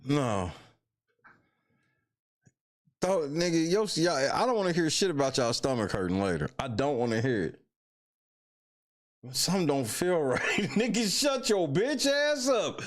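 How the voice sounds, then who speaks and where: A man with a high, lively voice that leaps up and down as he mocks what he watches. His commentary is loud, full of swearing and street slang, and delivered as a live stream host reacting to clips. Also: normal speed.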